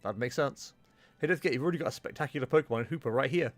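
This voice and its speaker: A man reading the lines of an upbeat young female Pokemon trainer in his own voice, cheerful and brisk. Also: mid-range voice, close to an everyday voice. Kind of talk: reading game dialogue aloud.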